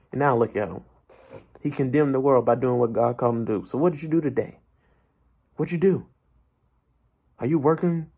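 A man's voice: a little high, a little mellow. A young man in a Christian video blog, giving a motivational devotional talk and pressing his viewers with rhetorical questions. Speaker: Christian vlogger.

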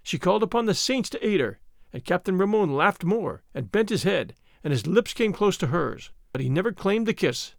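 A man narrating a storybook adventure in an expressive, scripted reading. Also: high voice, normal speed, vocal fry, dry recording, clean studio sound. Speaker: audiobook narrator.

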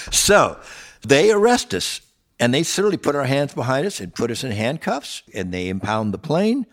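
A man's voice: medium pitch, sing-song, normal speed, faint music behind. An older man, a guitarist, casually telling stories from his touring days, rambling with restarts and acting out what people said. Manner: rambling, with restarts and acted-out quotes. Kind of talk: casual storytelling.

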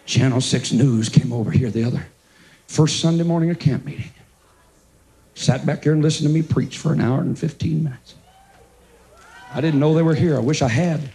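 A man preaching a revival sermon as pastor to a congregation, impassioned, rising into chanted singsong and dropping to low storytelling. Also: moderate pace, creaky, pauses often, dark tone, breathy edge, rough recording. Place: church service before a congregation.

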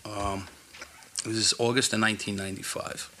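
A man's voice: fairly low pitch, level tone, normal speed, bright, forceful tone, a little hiss or hum. Blunt New ex-cop man. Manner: blunt, profane storytelling. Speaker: retired police officer guest. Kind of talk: casual storytelling chat.

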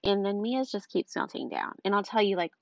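A woman's voice: mid-range voice, brisk, creaky, dry recording. A young mother from the telling a frustrated story about her day, chatty and exasperated, full of "like" and "um". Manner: chatty, exasperated, frequent fillers like "like" and "um". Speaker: mother of two small children. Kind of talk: casual storytelling vlog. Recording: dull, dry lo-fi recording.

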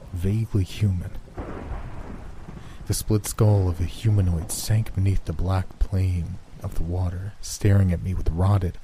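A man narrating a first-person horror story in a measured, somber way. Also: low-pitched, background noise.

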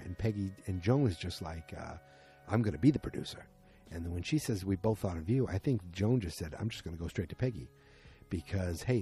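A man with a low, mellow voice rambles through a recap of a TV episode from his home. He slips into the characters' lines, pushing his voice higher for each one. Faint music sits softly behind him. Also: slightly rough. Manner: rambling, acts out characters' lines with raised pitch. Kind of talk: casual recap vlog.

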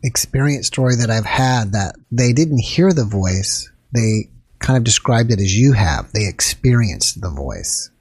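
Male podcast host, slightly husky, dry close sound, thoughtful responses. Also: lowish voice, animated, a little slow, darkish tone, no room sound. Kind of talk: interview chat.

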